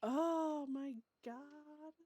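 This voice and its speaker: A woman streams a roleplay game, chatting casually and emotionally, swearing, restarting her sentences, and laughing and gasping a lot. Her voice sits high with a steady, somewhat dark tone, she talks extremely slowly, and there's no room sound.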